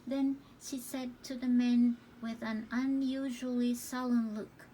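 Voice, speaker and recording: A woman reading a novel aloud as calm, careful narration. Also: on the high side, measured pace, hardly any pauses, a little hiss or hum, rough recording. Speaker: audiobook reader.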